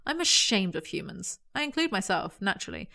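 A woman's voice: medium pitch, sing-song, brisk, creaky, bright, forceful tone, exaggerated voice. A woman voicing a brash, cynical man from an office who boasts and sneers at people. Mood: sardonic. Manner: boastful, sardonic, rude.

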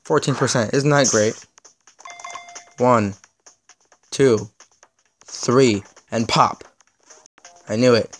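A man's voice: medium pitch, normal speed, long pauses, fairly bright tone. A young man giving casual, exasperated gameplay commentary, with sarcastic asides as he plays. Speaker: gaming video host.

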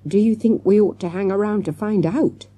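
A woman's voice: mid-range voice, normal speed, warm tone, slightly rough, no room sound, pitched above the performer's own voice, lightly acted. A woman reading aloud and voicing a mild, nervous male schoolteacher with a hesitant way of talking. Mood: uneasy.

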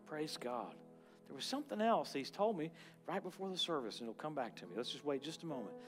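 Guest minister, male, charismatic church sermon, animated, loud outbursts and hushed prayer. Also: on the high side, a little fast, soft background music. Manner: animated, swings from loud exclaims to quiet prayer. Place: church service.

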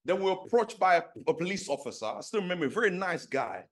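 Middle-aged male preacher from London, a touch high, animated storyteller who voices the people in his story. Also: quick pace. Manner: animated storytelling, acts out dialogue, many fillers. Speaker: pastor. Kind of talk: sermon with personal story.

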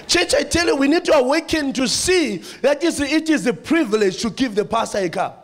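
This is a South African-accented preacher giving a lively church sermon at normal speed in a high voice. He repeats lines for emphasis and calls out to the people in the pews.

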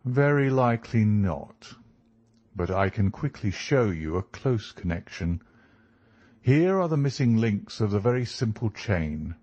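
A man's voice: on the low side, big pitch swings, measured pace, a little mellow, dry recording, highs cut off. A man voicing a brilliant male detective who lectures in a precise, superior way. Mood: lecturing.

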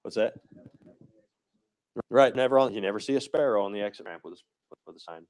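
A man's voice: lowish voice, expressive, rapid-fire, a little mellow, a little hiss or hum, poor audio. A male pastor giving a casual, conversational sermon, with many restarts and a habit of asking "right?".

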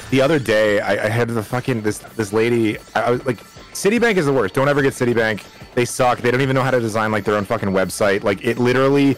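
A man chatting casually on a stream, who swears and stumbles over his words as he complains. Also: medium pitch. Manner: swears, stumbles and restarts a lot when he gets going.

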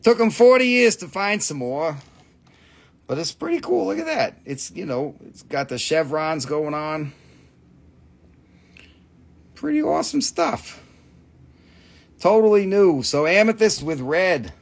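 A middle-aged man with an Appalachian accent runs a casual live sale of rocks and minerals. His voice sits a bit high for a man, and his talk is loose and rambling, with casual swearing as he reads out prices. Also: big pitch swings, unhurried, vocal fry, long pauses. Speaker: live-stream crystal seller. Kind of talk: casual live sales stream.

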